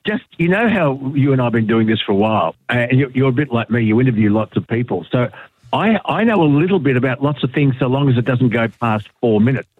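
A man's voice: medium pitch, expressive, fast talker, slightly rough, no room sound. A middle-aged Australian man, a radio guest, telling stories in casual chat with lots of fillers and restarts. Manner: chatty storyteller, many fillers and restarts. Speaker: guest, radio broadcaster and podcaster. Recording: dry tinny phone line.

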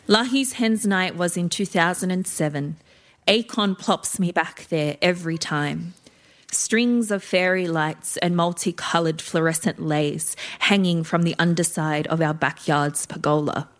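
A woman reading her own personal story in a lively, wry way. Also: on the low side, measured pace.

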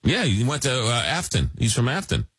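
A man's voice: mid-range voice, wildly swooping pitch, moderate pace, fairly bright tone, husky, dry recording. A man hosting a late-night call-in radio show, reading listener messages aloud with many fillers and restarts. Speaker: radio talk show host.

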